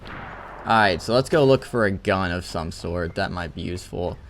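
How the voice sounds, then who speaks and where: A man's voice: low-pitched, moderate pace, a bit bright, slight background noise. Rambling guy commentating a game. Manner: rambling and self-correcting. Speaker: let's play host.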